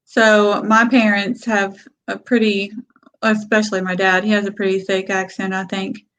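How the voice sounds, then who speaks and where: A woman with a Kentucky Southern accent, a guest speaking plainly and calmly in a casual interview. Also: medium pitch, normal speed, slight background noise, poor audio. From Texas-born, raised by Kentucky family. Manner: plainspoken, calm, lets out small laughs. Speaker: guest, gun-rights advocate.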